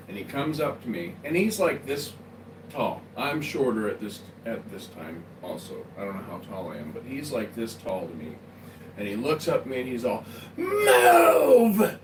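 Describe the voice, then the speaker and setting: A man's voice: mid-range voice, background noise. A man livestreaming from his home, telling a rambling personal story in a casual way and often checking in with "right?". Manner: rambling, tags lines with "right?". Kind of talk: casual storytelling to a live chat. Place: at home, indoors.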